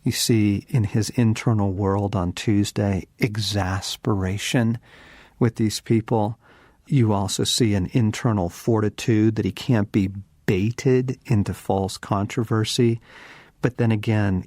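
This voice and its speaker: Brief: middle-aged male teacher, low voice, earnest and reflective, close dry studio sound. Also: dry recording. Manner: earnest, reflective, slows and softens on key phrases. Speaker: Christian author and teacher. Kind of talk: devotional teaching talk.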